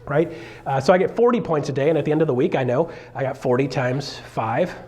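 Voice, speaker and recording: A man's voice: a little high, a little fast, a little mellow. A middle-aged man coaching a live seminar, joking and acting out the voices of clients as he goes. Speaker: real estate coach.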